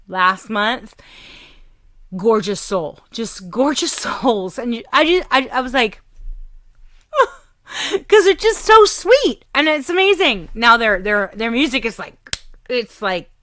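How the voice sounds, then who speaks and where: A woman with a Southern American accent hosting a radio show, chatting warmly and gushing about the music with frequent laughs. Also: a little high, dry recording. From Southern United States. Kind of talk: casual radio show chat.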